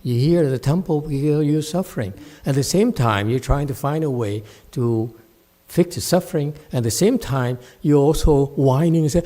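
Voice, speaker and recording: A man, a meditation master giving a dharma talk at a temple, scolding a student bluntly, shifting from low, measured speech to loud, high outbursts.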